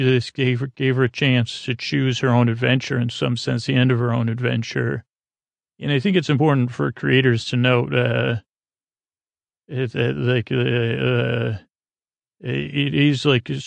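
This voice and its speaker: A man's voice: mid-range voice, gravelly, no echo. Man, podcast host, casual bedtime-story retelling, rambling and hesitant, dry close sound. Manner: rambling, loose, with many hesitations.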